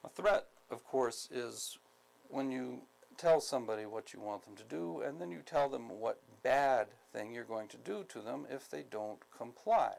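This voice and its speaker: A man from the United States giving a skills training lecture, speaking deliberately, repeating key points, with many ums. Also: medium pitch, expressive, creaky, darkish tone, low-quality recording. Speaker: instructor.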